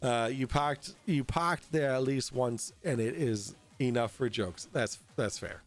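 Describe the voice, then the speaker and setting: A man's voice: medium pitch, faint music behind. Tipsy man rambling as livestream host. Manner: rambling, halting, lots of fillers and swearing. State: tipsy from drinking. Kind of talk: casual livestream chat. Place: at home in an apartment.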